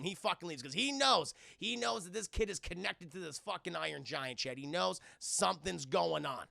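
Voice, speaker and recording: A man streaming a casual, animated film recap to his live chat, swearing freely. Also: high-pitched, moderate pace, vocal fry, few pauses, no echo. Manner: animated, profane, addresses chat.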